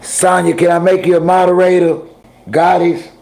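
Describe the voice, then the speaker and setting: A man's voice: high-pitched, completely flat delivery, moderate pace, vocal fry, a little mellow, reverberant, a little hiss or hum. A man hosting a casual livestream, talking straight to his chat in a blunt, scolding, streetwise way. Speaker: livestream host.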